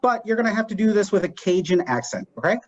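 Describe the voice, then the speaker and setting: Guy hosting improv games, halting and filler-heavy, dull lo-fi audio. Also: sits high, big pitch swings, noisy background. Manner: hesitant, many fillers. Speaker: improv game host.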